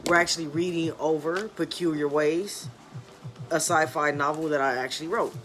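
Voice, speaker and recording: A man's voice: a little high, fairly even intonation, moderate pace, a bit bright, a little hiss or hum. A man casually reading his own novel aloud to an online audience, chatting with listeners and calling them y'all.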